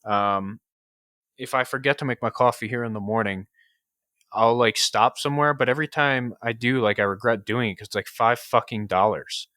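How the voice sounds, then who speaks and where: Upstate New York guy, bright voice. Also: medium pitch, normal speed, no echo, clean studio sound. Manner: casual, swears a lot, many fillers. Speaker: podcast co-host. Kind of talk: casual chat.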